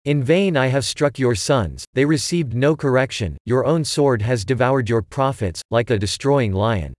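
Male scripture reader, mid-pitched, measured delivery, dry close mic. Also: lively intonation, no echo. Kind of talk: scripted Bible reading.

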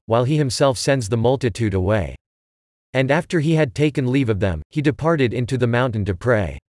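A man giving a steady, measured scripture reading. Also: mid-range voice, no echo, studio quality.

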